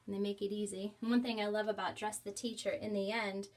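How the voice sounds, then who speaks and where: A woman's voice: medium pitch, level tone, fast, darkish tone, a little hiss or hum. A young woman who teaches English online gives a cheerful, chatty tour of her small home classroom, talking into a headset. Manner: cheerful and chatty, bursts into squealing acted-out reactions. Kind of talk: casual classroom tour vlog.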